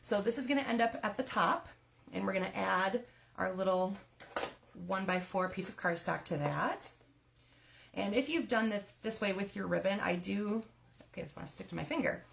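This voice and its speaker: A woman's voice: mid-range voice, normal speed, gravelly, background noise. A woman leading a live card-making tutorial, chatty and step-by-step, sometimes laughing at her own slips.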